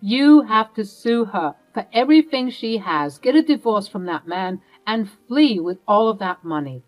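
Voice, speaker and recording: A woman's voice: mid-range voice, big pitch swings, moderate pace, faint music behind, lightly acted, low-quality recording. A woman voicing a kind, protective grandmotherly woman who speaks in a soothing, motherly way. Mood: firm encouraging.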